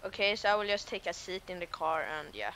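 A man's voice: high-pitched, brisk, background noise. A man streaming a role-play game as a garbage collector, playful, trying on accents in slightly broken English. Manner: playful, switches between put-on accents. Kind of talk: casual role-play chat while gaming.

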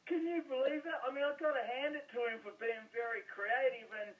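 A man's voice: extremely high pitch, steady tone, brisk, recorded from a distance, muffled recording. A man from Australia with an Australian accent, a guest in a casual sports chat, blunt and colloquial. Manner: blunt, colloquial, calls people mate.

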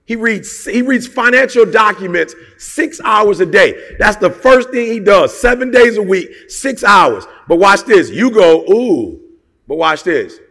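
A man's voice: high-pitched, a bit bright, long reverb tail. A man giving a motivational talk, emphatic and colloquial, firing off rhetorical questions. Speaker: motivational speaker.

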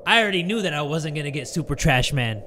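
Male gaming YouTuber, bright, sharp voice, loud and jokey. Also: a little high, a little hiss or hum. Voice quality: loud, jokey, swears often. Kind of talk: let's play commentary.

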